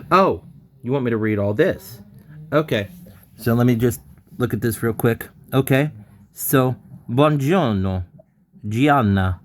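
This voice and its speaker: Hesitant man working through a lesson. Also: medium pitch. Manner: hesitant, self-correcting, laughs at his own slips. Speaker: language student. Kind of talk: casual online lesson talk.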